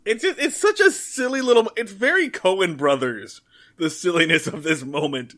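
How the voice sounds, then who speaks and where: A man co-hosting a podcast, casually recapping a TV episode, animated and quick to laugh and act out lines. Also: high voice. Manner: animated, laughs often, acts out characters' lines. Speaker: podcast co-host.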